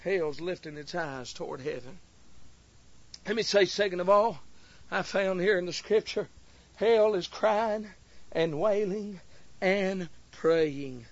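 A man preaching a revival sermon. He moves from low, earnest talk full of filler words to crying, shouted pleas. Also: slow pace, long pauses, no echo, highs cut off.

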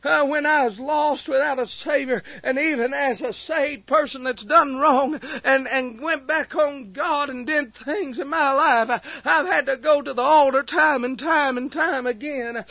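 High-voiced, fiery preacher man. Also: a little slow, vocal fry, few pauses, no room sound, dull audio. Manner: builds from low earnest talk to crying shouts, many fillers. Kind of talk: fiery revival sermon.

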